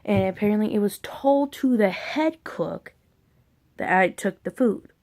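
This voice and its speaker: Woman vlogger, mid-pitched, loose and rambling storytelling, blunt and candid, swears casually. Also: measured pace, darkish tone.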